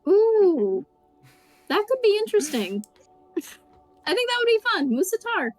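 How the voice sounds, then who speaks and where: A woman's voice: very high-pitched, big pitch swings, slow, a little mellow, faint music behind. A woman guest voice actor chatting in a roundtable, bubbly and giggly. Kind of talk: casual roundtable chat.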